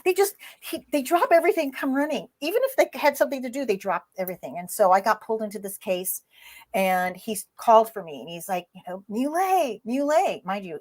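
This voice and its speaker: A woman as an interview guest, telling a story in a lively way and acting out the voices in it. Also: a little high. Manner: lively, acts out voices in her stories.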